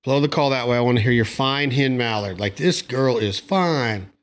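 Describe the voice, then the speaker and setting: A man's voice: medium pitch, normal speed, very noisy. A man hosting a podcast, giving short cues and eager questions to his guest. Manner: prompting and short commands, enthusiastic. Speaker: podcast host. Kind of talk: casual podcast interview.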